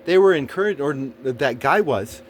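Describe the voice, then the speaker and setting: A man's voice: mid-range voice, animated, normal speed, slight background noise. A man telling a personal story in a rambling monologue, swearing often and stumbling through fillers and restarts. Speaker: storyteller recounting a personal experience. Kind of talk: casual monologue.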